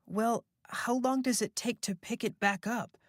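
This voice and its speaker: A worried daughter, high and squeaky, her thin, tinny voice pushing urgently out of a phone receiver, as the narrator puts her on. She presses and nags, unwilling to let the matter drop. The narration around her is close and dry. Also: steady tone, unhurried, no room sound. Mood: nagging. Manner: anxious, insistent.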